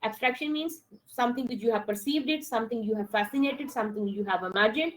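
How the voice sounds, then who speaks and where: A woman's voice: a little high, fast talker, poor audio. A woman teaching an online class, mixing with Hindi-Urdu phrases and speaking as she addresses her students directly. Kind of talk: online English lesson.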